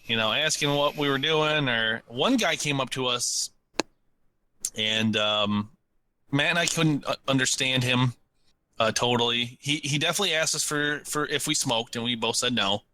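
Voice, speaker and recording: A man co-hosting a podcast, telling a story in a casual, animated way and acting out what people said. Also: mid-range voice, normal speed, dry recording. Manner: animated, laughs while telling stories, acts out quotes. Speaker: podcast co-host.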